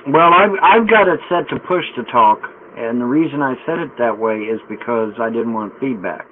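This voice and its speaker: A man hosting an online chat room rambles and cracks jokes at a middle pitch. His voice comes through thin, phone-like audio. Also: expressive, normal speed, no room sound. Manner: rambling, joking.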